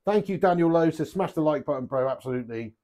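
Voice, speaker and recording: A man's voice: on the high side, fast talker. A man chatting to viewers during a live darts stream, swearing often and bursting out at his throws. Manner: swears a lot, excitable outbursts, chats to viewers. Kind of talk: live stream chat while playing darts.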